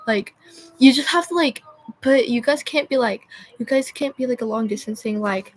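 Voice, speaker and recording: A woman's voice: a little high, moderate pace, a little hiss or hum. A young woman chatting on a livestream, rambling and losing her train of thought with constant filler words. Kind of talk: rambling live-stream chat.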